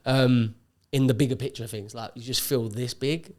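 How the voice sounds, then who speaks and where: A man, a podcast guest telling a story in casual chat, animated and acting out what people said. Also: mid-range voice, moderate pace. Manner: animated storyteller, acts out quotes.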